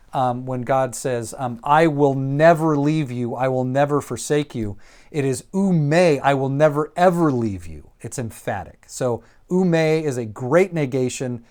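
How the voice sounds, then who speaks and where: A man teaching Greek vocabulary in a lecture, repeating each word slowly and deliberately with frequent ums. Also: mid-range voice, darkish tone.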